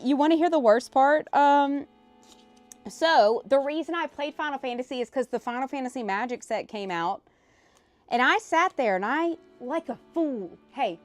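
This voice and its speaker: A woman hosting a casual live stream while opening cards, excitable and emotional, swearing freely. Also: a little high. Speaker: livestream host.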